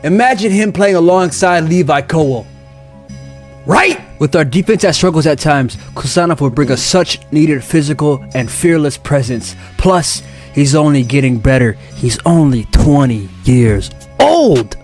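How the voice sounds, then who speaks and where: A young man hosting a casual fan commentary vlog, excitable, with a sing-song delivery and playful repetition. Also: fairly high pitch, unhurried, soft background music. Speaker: football channel host.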